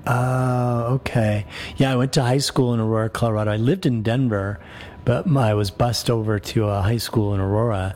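A man's voice: mid-range voice, normal speed. Priest guy hosting a call-in radio show, easygoing and chatty, stumbles and restarts a lot. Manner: relaxed, chatty, with frequent fillers and restarts. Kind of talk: casual call-in radio chat.

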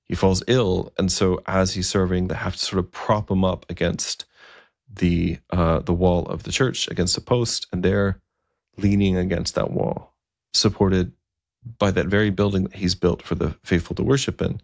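A man telling a historical story in a relaxed, conversational way, with asides and fillers. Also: low voice, normal speed, vocal fry, no room sound, studio quality.

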